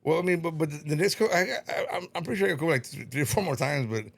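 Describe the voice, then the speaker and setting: Fast-talking gravelly man, rambling. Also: fairly high pitch, animated, a bit bright. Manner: rambling, repeats words, swears, laughs. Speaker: podcast guest. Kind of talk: casual podcast chat.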